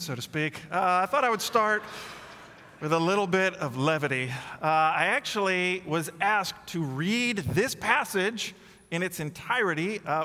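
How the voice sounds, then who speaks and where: A man preaching a sermon in a bright, forward voice, with long reverb hanging in the hall. He tells jokes at his own expense, then speaks candidly and with feeling. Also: fairly high pitch. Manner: self-deprecating humor turning earnest and confessional. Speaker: lead pastor.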